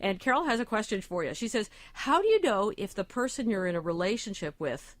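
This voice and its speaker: A woman's voice: medium pitch, big pitch swings, brisk, dry recording. A woman co-hosting a radio show in a studio, cheerfully reading out event listings. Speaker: guest co-host. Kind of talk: casual radio chat.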